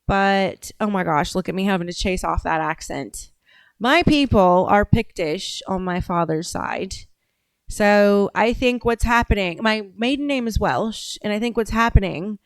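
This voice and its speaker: Woman livestream host, rambling and tangential, casual swearing, smooth voice in a dry, close sound. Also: mid-range voice, expressive, measured pace, no echo. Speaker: show host.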